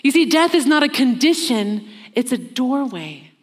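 A woman's voice: high-pitched, sing-song. Earnest woman preaching in a reverberant hall. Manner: earnest, slows down for emphasis, acts out quoted lines. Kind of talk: sermon. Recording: long reverb of a large hall.

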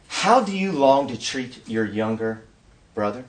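A man giving a preaching-style conference talk, an animated storyteller who acts out scenes and asks the audience rhetorical questions. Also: mid-range voice, unhurried, recorded from a distance. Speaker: workshop speaker at a conference.

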